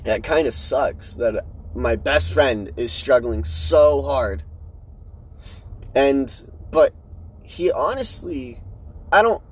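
A man's voice: mid-range voice, husky. A young man talking casually on his own podcast, slangy and swearing, recorded in his truck in a parking lot. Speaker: podcast host.

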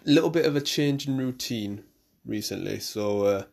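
A man's voice: medium pitch, normal speed, vocal fry, a little mellow. A young man from the UK hosting his own podcast, chatting casually in a loose, rambling way with lots of fillers and restarts. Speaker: podcast host. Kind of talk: casual solo podcast chat. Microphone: camera and mic for a video podcast.

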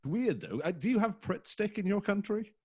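Animated man cracking jokes. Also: high-pitched, husky, no room sound, studio quality. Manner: animated, quick joking asides. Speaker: podcast guest, improv comedian. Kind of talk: improv comedy banter.

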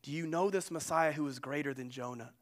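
A male pastor delivers a sermon in a fairly high voice. He preaches earnestly, pressing hard on key phrases and then dropping to hushed, quiet asides. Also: fairly quick.

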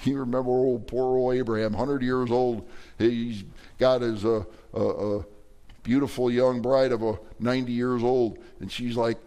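A middle-aged man, a pastor, preaching a verse-by-verse sermon in a folksy, animated way with playful asides. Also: mid-range voice, normal speed.

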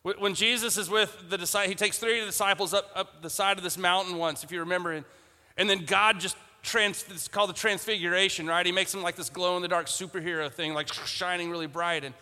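A man's voice: high voice, steady tone, a little fast, pushed and bright, long reverb tail. A man preaching a conversational sermon as a pastor, retelling Bible scenes in casual modern speech and repeating phrases for emphasis.

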